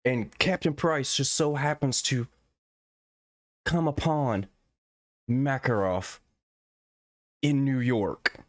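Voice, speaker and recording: A man's voice: medium pitch, slow, pauses often, dry recording, clean studio sound. A man giving a profane, exasperated rant as a gaming commentator. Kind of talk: ranting video commentary.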